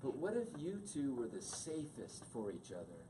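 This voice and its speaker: A man's voice: mid-range voice, wildly swooping pitch, normal speed. A man giving a couples' workshop talk, speaking conversationally and quizzing his audience. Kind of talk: teaching a couples' class. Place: meeting room with an audience. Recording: distant mic with background noise.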